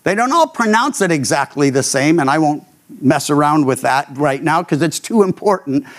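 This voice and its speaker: High-voiced man preaching a sermon. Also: lively intonation, normal speed. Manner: conversational Bible teaching with frequent restarts. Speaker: pastor.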